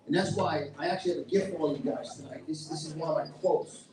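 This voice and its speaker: A middle-aged man with a New York accent delivers a loud, combative speech, pushing hard on every point. His voice sits a bit high. He is picked up from a distance in an echoey room, with a crowd clearly heard around him. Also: fast talker, noisy background. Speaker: featured event speaker. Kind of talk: fiery political speech. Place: event hall with live audience.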